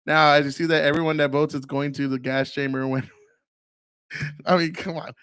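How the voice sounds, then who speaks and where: Male podcast host, pitched a bit high, crude and blunt, mimics others in his stories; dry, close sound. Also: level tone, moderate pace, fairly bright tone, clean tone, no echo. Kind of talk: casual monologue.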